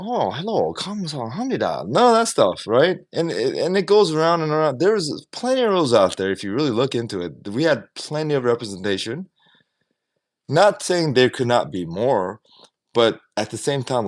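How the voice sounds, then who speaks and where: A man ranting in an opinionated, casual way on a livestream, swearing now and then. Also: mid-range voice. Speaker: livestream vlogger.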